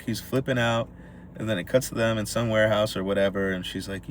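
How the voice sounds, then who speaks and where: A man's voice: lowish voice, a little fast, slight background noise. A man on a podcast, casually recapping a film and acting out the characters' lines. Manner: animated storytelling, acts out characters' lines. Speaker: podcast co-host. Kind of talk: casual movie recap chat.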